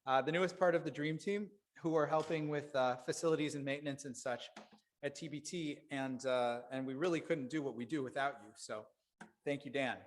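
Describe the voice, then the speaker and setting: A man leading a synagogue service, speaking in a relaxed, chatty way with fillers, over guitar accompaniment. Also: mid-range voice, a little fast. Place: synagogue sanctuary. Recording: guitar music under the voice.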